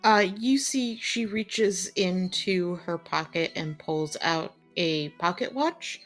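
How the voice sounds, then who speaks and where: Woman game master, slow and a bit low, laid back narration. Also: faint music behind.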